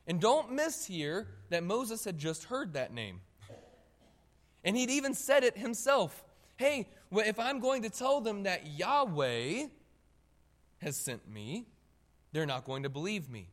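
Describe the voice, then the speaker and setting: A high-voiced man preaches a sermon with animated emphasis, calling on the congregation to look and answer. His voice rings out with a long reverb in the church hall. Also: a little slow.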